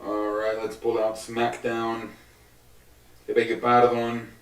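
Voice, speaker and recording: A man's voice: mid-range voice, monotone, takes it slowly, slight background noise. A man hosting a solo sports podcast, rambling and swearing with many restarts. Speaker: podcast host. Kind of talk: casual solo sports talk. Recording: echoey room, distant from the mic.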